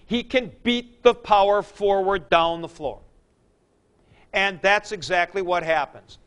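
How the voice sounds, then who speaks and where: A man teaching a class, asking questions and answering them himself, often clearing his throat. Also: high-pitched, fairly bright tone. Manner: uses sports comparisons and jokes. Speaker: Greek teacher. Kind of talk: classroom lecture.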